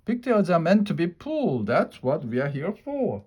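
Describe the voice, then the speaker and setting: A coaxing, whiny little talking pigtail, put on by a man reading a storybook. The voice is pushed well up in pitch and sounds pleading and sly. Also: huge pitch swings, moderate pace, a little mellow, breathy edge, full character voice. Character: wheedling pigtail, small talking thing.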